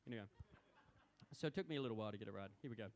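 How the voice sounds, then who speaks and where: A man's voice: on the low side, lively intonation, rapid-fire. Playful man chatting on stage. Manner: playful, chatty, self-mocking. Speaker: musician performing live. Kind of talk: stage banter between songs. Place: small lounge music venue, indoors, live audience.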